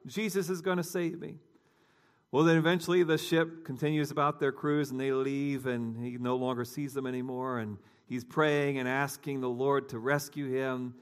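A man's voice: mid-range voice, little pitch movement, moderate pace, few pauses, clean tone. A man preaching a sermon, telling a story conversationally and talking directly to his congregation. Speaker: pastor.

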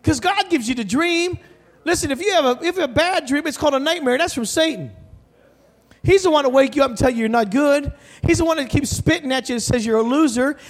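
Very high-voiced joking male preacher. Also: quick pace. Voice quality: bald. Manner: animated, joking, bursts into shouts and laughter. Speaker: pastor. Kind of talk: humorous storytelling sermon.

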